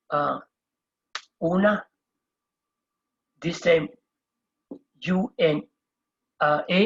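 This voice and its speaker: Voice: mid-range voice, husky, lo-fi sound. A Spanish teacher giving a whiteboard lesson, patiently spelling out each word letter by letter and repeating every term. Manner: patient, explains step by step. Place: indoors at a whiteboard.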